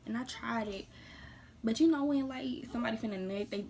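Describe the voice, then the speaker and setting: A woman with a fairly high voice tells a story straight to her viewers in a casual vlog. She talks bluntly and with lots of energy. She swings from loud outbursts down to low, half-whispered asides, with a faint hum of room sound behind her. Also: a little fast, gravelly. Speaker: vlogger telling a personal story.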